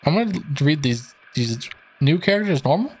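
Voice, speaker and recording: A man's voice: fairly high pitch, expressive, normal speed, husky. A young man giving casual gameplay commentary, chatty and self-mocking, often trailing off mid-sentence. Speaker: gaming video creator.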